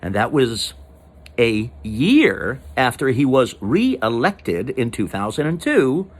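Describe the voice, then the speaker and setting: A man's voice: mid-range voice, big pitch swings, takes it slowly, breathy edge. A man hosting a comedic political monologue, rambling and interrupting himself with mock-serious asides. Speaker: comedian host.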